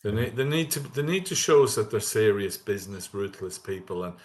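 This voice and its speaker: A fairly deep-voiced man in casual football chat. He is middle-aged and talks in a dry, wisecracking way, full of banter. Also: lively intonation, brisk. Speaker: football podcast co-host.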